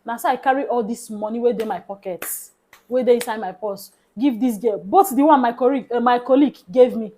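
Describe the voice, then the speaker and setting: Animated Nigerian woman telling a story. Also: a little high, fairly quick, slight background noise, low-quality recording. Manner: animated, swings into soft hushed tones. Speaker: vlogger. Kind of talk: casual storytelling.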